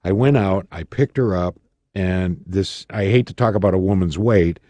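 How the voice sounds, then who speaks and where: A middle-aged radio man from Michigan with a low, mellow voice, recounting his story in a studio interview. He tells it dramatically, acting out the voices of the people he quotes. The studio mic sounds dry and close. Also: normal speed, dry recording. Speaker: radio personality, guest.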